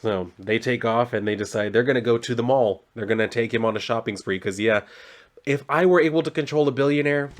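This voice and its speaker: A man's voice: medium pitch, brisk. A man casually recapping a comic book story, rambling loosely with lots of fillers and some mild swearing.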